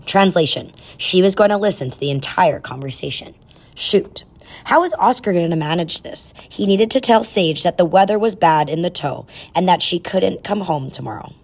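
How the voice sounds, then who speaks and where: A woman reading a children's storybook aloud in a soft, even storytelling way. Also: on the low side, normal speed. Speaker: narrator.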